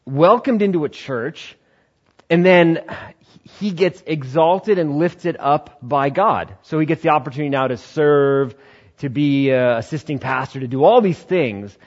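Animated man preaching a sermon, husky. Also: highs cut off. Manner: animated, acts out quoted voices with high shouts and laughs. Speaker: pastor.

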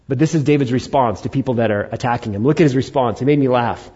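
A pastor delivering a sermon in a husky, mid-pitched voice. He tells a personal story and breaks into animated acted-out asides. The recording sounds slightly muffled. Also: fast talker, hardly any pauses.

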